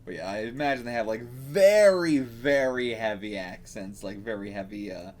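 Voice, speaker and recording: A man's voice: mid-range voice, expressive, moderate pace. A man reacting to a manga, rambling casually, swearing and laughing as he reads.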